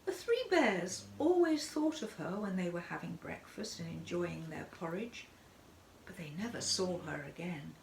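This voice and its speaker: A woman narrating a children's story in an expressive, sing-song manner. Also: fairly low pitch, a little slow, gravelly, a little hiss or hum. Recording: echoey room.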